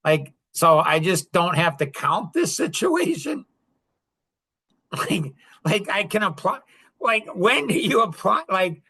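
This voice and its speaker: A man's voice: fairly high pitch, pushed and bright. A man in his fifties hosting a podcast, joking and rambling, then speaking tenderly to his grown children. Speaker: podcast host. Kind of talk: casual monologue.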